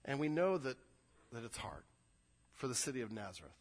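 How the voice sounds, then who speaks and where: A man's voice: mid-range voice, very animated, a little fast. A young adult male pastor preaching an earnest sermon, often repeating words as he builds a point. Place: church sanctuary. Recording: long hall reverb.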